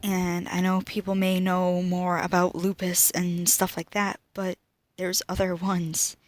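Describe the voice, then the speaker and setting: Teen girl vlogging, slow and halting, goes whispery when it gets emotional, dry close sound. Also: on the low side, monotone, no room sound. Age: teens. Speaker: student vlogger. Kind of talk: personal talk to camera.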